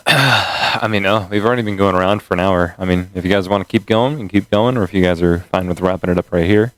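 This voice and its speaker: A man's voice: sits low, fast talker, dry recording. A man chatting casually on an animation podcast, sheepish and laughing while the others tease him.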